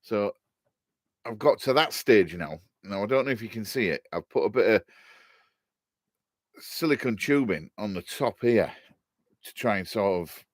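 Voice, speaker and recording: A man's voice: fairly low pitch, lively intonation, normal speed, pauses often, no room sound, studio quality. Chatty Hull man chatting on a live stream. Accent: Hull, East Yorkshire. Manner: chatty and jokey, laughs often, rambling with restarts. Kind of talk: casual live-stream chat, answering viewer comments.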